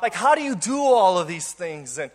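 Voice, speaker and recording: A young adult man, a pastor, telling a playful story in a sermon to a church congregation, energetic and full of quick restarts. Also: high-pitched. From Cuban. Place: church auditorium before a congregation.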